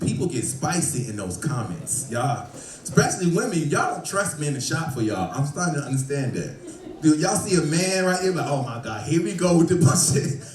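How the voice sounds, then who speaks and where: Animated man doing stand-up. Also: a little high. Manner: animated, shouting punchlines, laughing through bits. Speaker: stand-up comedian. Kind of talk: stand-up set. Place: bar comedy show. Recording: roomy, from a distance.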